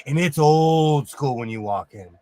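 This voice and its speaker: A man from California hosting a casual livestream chat, talkative and quick to laugh. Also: on the high side, dark tone, no echo. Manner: chatty, laughs often. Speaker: host.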